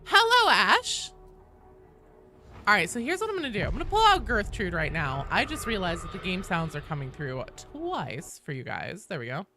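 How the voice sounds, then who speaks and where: A woman streamer chatting casually with her viewers while gaming. She swears freely and greets people in a high sing-song. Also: big pitch swings, a little fast, pushed and bright, soft background music. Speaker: game streamer.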